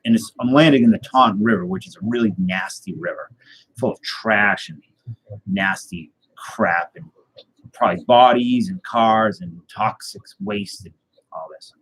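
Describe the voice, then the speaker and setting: A man telling a tall tale in a rambling, deadpan way, with many fillers and restarts. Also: fairly low pitch, measured pace, breathy edge, poor audio. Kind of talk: casual tall-tale storytelling.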